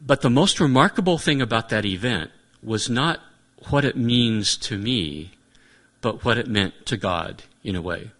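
A man's voice: mid-range voice, lively intonation, unhurried, a bit bright. A man preaching a sermon in an earnest, reflective way, often restating his points.

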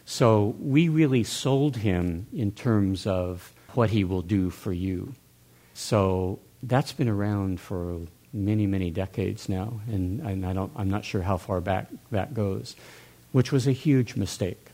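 A man's voice: fairly low pitch, slow, mellow. An older man talking earnestly in a church discussion, musing aloud with restarts.

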